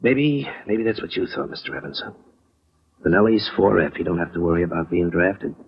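An actor playing a blunt, streetwise working-class family man in 1940s radio-drama style, with a husky voice, on a lo-fi old broadcast. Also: sits low, animated, a little hiss or hum. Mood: indignant. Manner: blunt, streetwise slang, quick to bristle.

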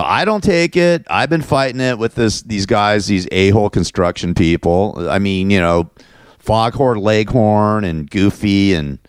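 A man's voice: low voice, smooth, no room sound, clean studio sound. A man hosting his own radio-style show, ranting in a profane, meandering way. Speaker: host.

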